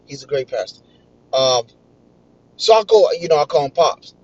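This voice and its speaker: High-voiced excitable man. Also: normal speed, dry recording. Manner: excitable, animated retelling. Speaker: vlogger. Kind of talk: casual storytelling. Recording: dull, lo-fi dry recording.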